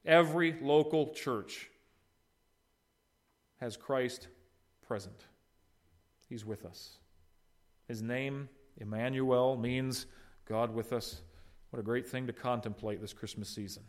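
A man preaching an expository sermon, swinging from loud emphatic peaks to soft low endings, with conversational asides to the congregation. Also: slow pace, long pauses. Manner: conversational, teases congregants by name. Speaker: pastor.

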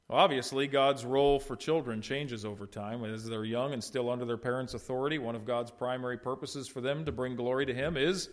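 Middle-aged male pastor, plain mid-pitched voice, conversational sermon delivery, asks the room lots of questions. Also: fairly even intonation, a little fast, hardly any pauses. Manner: conversational preaching with rhetorical questions and brief retold dialogue.

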